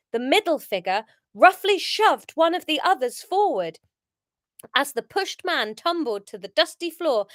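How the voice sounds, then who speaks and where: A woman with a high, bright-pitched voice reads her own story aloud to a live audience. She breaks off into chatty, giggly asides, and the sound is dry and close. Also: dry recording. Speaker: author reading her own book. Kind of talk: live-streamed reading with chat asides.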